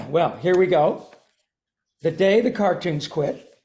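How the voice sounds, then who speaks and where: An older man, a voice actor, chatting and reading a picture book aloud to a class of children over a video call, clearing his throat now and then. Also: high voice, big pitch swings, takes it slowly.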